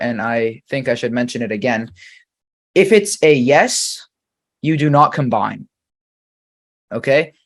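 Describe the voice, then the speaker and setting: Patient male English teacher, slow examples. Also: mid-range voice. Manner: slow, deliberate reading of example sentences; patient, quizzing the viewer. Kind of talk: grammar lesson.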